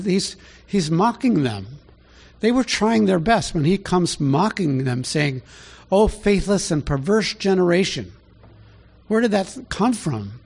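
A man preaching a conversational Bible teaching, asking rhetorical questions and rising in pitch to stress his points. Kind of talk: sermon teaching.

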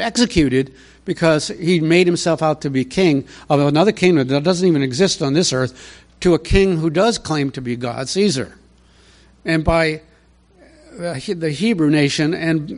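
A man preaching a conversational verse-by-verse sermon, emphatic and fond of rhetorical questions. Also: fairly high pitch. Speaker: pastor. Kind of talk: expository sermon.

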